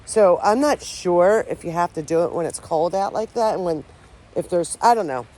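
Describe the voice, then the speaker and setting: A woman's voice: on the low side, animated, moderate pace, warm tone. A woman vlogging outdoors among trees, talking in a loose, rambling way that is often unsure of itself and full of restarted sentences. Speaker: paranormal vlogger. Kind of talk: casual rambling talk to camera.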